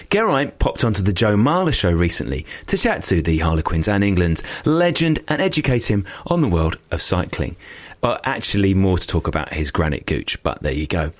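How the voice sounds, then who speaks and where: A man co-hosting a podcast, cheerful and chatty as he tells stories in casual chat. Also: on the low side. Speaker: podcast co-host.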